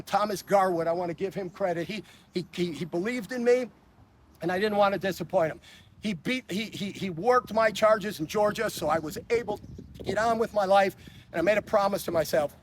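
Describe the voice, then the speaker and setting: A man in his sixties with a fairly high voice. He talks bluntly and swears often. He stumbles over repeated words as he tells his stories in a casual interview, with a faint hum of noise behind him. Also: brisk. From Chicago. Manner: blunt, profane, frequent stammered restarts. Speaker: interview guest.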